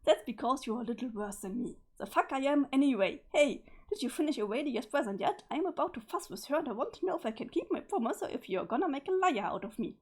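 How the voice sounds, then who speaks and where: A woman's voice: high voice, animated, fast, few pauses, a little mellow, breathy edge. Woman doing a smug, scheming girl troll. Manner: smug, sarcastic, teasing. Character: scheming, sarcastic young female troll.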